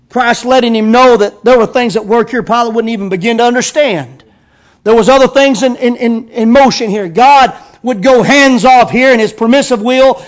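A man preaching a sermon as pastor, reading scripture slowly and with emphasis. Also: very high voice.

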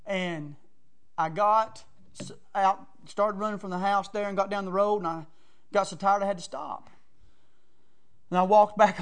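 A man's voice: sits high, a bit bright. A man preaching in a folksy, chatty storytelling way, acting out quotes and laughing often. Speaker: preacher teaching on counsel.

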